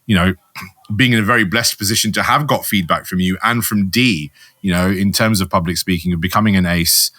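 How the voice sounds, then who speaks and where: A man's voice: low-pitched, a little fast, bright, forceful tone, dry recording. A man co-hosting a podcast, talking in a casual, rambling way. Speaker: podcast co-host.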